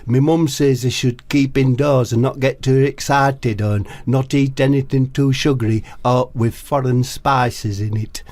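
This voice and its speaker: A man's voice: mid-range voice, steady tone, measured pace, few pauses, a little mellow, dry recording, close to an everyday voice. A man voicing a fussy, timid young footballer with a northern English accent who talks in a meek, whiny way. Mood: fretful.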